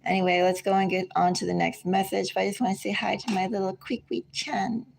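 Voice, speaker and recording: A woman giving a casual tarot reading from home, chatty and unhurried, drifting into side remarks. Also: medium pitch, little pitch movement, creaky, darkish tone, slight background noise. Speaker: tarot reader. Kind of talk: casual spiritual reading chat.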